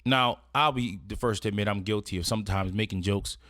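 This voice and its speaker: In a fairly quick, sharp voice of fairly low pitch, a presenter gives an etiquette lesson. The casual, partly read instruction is conversational and peppered with "right?" check-ins, recorded at studio quality with no room sound.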